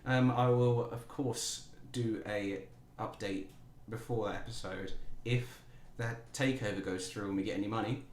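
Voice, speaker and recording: A man's voice: on the low side, fairly even intonation, unhurried, a little mellow, a little hiss or hum. A man giving casual, jokey let's-play commentary, talking playfully to his players. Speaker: gaming YouTuber. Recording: roomy echo.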